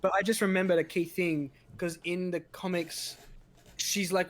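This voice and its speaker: A man's voice: a little high, little pitch movement, moderate pace. A man as a guest in a casual chat, loose and filler-heavy, quoting characters as he talks.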